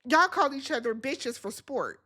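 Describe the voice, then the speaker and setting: A woman gives a casual reality TV recap in a high, bright voice. She is blunt and sassy, swears freely, and talks straight at the cast as if scolding them. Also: animated, a little slow, husky. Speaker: TV recap host.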